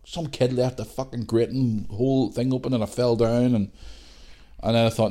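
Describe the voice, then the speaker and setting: A man's voice: medium pitch, steady tone, quick pace, dark tone. A Northern Irish man in his thirties hosting a podcast, telling rambling stories in casual chat and swearing freely. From Northern Ireland. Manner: swears a lot, rambling storytelling. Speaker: podcast host.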